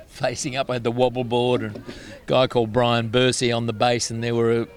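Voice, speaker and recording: Older Australian guest, chatty storyteller, self-mocking, medium pitch. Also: male voice. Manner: chatty anecdotal, laughs at himself. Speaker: guest musician. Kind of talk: casual interview storytelling.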